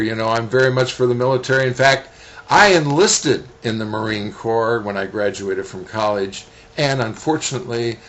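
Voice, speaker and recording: Lively middle-aged man telling stories. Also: medium pitch. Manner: folksy storyteller, chuckles at himself. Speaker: author. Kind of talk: video message to viewers.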